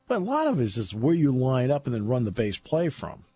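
A man's voice: mid-range voice, huge pitch swings, a little fast, warm tone, husky, no echo. A man talking football in casual chat, chatty and laughing often as he tells stories. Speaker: football analyst.

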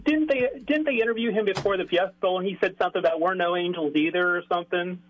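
A man hosts a casual sports radio chat and teases his guests in an easy way. His voice sits high, and it comes through a muffled, lo-fi line. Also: fast, slight background noise. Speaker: radio host.

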